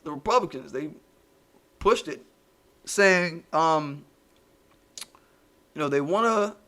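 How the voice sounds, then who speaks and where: A man hosting a casual commentary stream, ranting in profane, animated street slang. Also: a little high, slow pace. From United States. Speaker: channel host.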